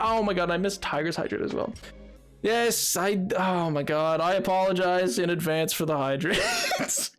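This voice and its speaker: A playful streamer, a man, hams it up in a put-on 1920s radio announcer accent, his pitch swinging widely as he chatters at his chat and laughs often. Faint game music hums behind him. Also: very animated, moderate pace, fairly bright tone. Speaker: live streamer. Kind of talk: casual live-stream chat while gaming.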